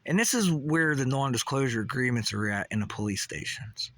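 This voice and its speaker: A man's voice: mid-range voice, animated, brisk, a bit bright, no echo. A man delivering a rambling, intense monologue as a vlogger, swearing often and repeating questions.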